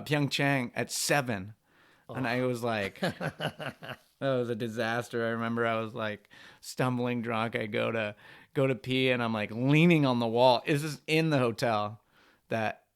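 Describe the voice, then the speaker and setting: A young man from Canada, a pro freeskier, telling a rambling, animated story on a podcast and saying "like" a lot. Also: medium pitch, gravelly, clear, resonant tone. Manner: animated, rambling anecdotes full of "like".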